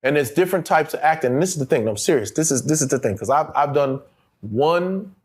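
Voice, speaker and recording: A middle-aged male actor telling stories in a casual interview, animated and profane, acting out the voices of people he quotes and laughing often. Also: a little high, quick pace, breathy edge.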